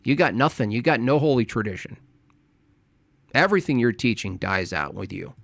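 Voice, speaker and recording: Forties male streamer, taunting and argumentative, mid pitch, dry close sound. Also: expressive, moderate pace, creaky, fairly bright tone, dry recording. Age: 40s. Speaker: streamer reacting to clips. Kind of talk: combative live-stream commentary.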